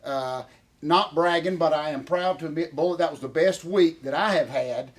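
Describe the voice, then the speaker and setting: A man's voice: a little high, normal speed. A man with a Southern US accent co-hosting a casual chat, folksy and a little out of breath. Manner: folksy, calls partner "boy" and "Bullet" constantly. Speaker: co-host.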